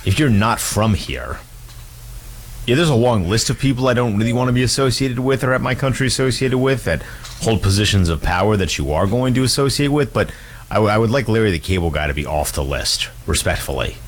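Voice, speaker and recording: A man co-hosting a casual talk show, speaking in a measured, earnest, hedging way. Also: fairly low pitch, a little hiss or hum. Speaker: podcast co-host. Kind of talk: casual chat.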